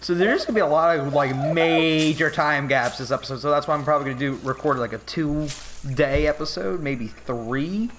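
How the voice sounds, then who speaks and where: A young man giving casual gaming commentary, swinging from mock grief to frantic yelling and swearing. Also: on the high side, normal speed, noisy background. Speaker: gameplay commentator.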